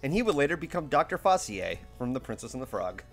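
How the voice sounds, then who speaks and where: A man streaming a video game, chatting casually and excitedly with a co-host, swearing freely and laughing often. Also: medium pitch, quick pace, soft background music. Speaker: let's play streamer. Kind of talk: casual gameplay chat.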